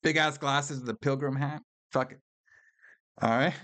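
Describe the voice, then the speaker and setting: Medium-pitched and fairly even in intonation, this film podcast co-host talks at a moderate pace in a slightly bright voice with no echo. He's loose and profane, laughs a lot, and loves saying "all right" and "brother."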